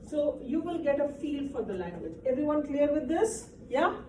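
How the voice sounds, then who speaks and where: A woman's voice: sits high, big pitch swings, moderate pace. A woman teaching an English grammar lesson to a class, explaining patiently and often checking with "right?". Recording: echoey room, distant mic, faint noise.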